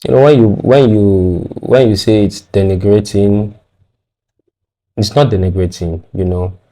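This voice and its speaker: A man's voice: lowish voice, fairly even intonation, measured pace, dark tone. A man with a Nigerian accent, a guest on a radio talk show, arguing his views firmly and repeating words when pressed.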